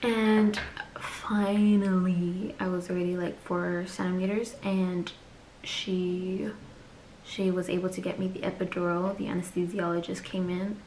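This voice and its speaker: A woman's voice: lowish voice, level tone, unhurried, darkish tone, reverberant, a little hiss or hum. A woman vlogger telling a personal story in a candid, chatty way and acting out the people she quotes.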